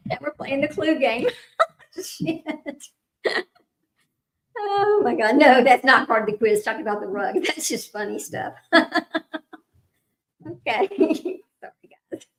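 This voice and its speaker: A woman's voice: high-pitched, lively intonation, normal speed, pauses often. A woman hosting a trivia livestream, chatting casually with viewers and often laughing at herself as she rambles. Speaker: livestream host running trivia. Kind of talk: casual chat with live viewers. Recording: roomy echo.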